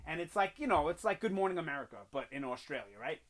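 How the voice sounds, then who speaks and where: A man's voice: a little high, lively intonation, fast, a bit bright. A man casually reviewing a TV episode, rambling with many fillers and restarts as he retells scenes, recorded on a home microphone. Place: home room with an echo he notices.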